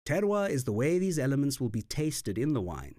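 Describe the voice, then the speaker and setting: Lively male narrator teaching wine. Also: medium pitch, brisk, dry recording. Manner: lively, expressive delivery with playful put-on accents. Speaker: wine course instructor. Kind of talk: scripted educational narration. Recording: dry voice-over with faint music.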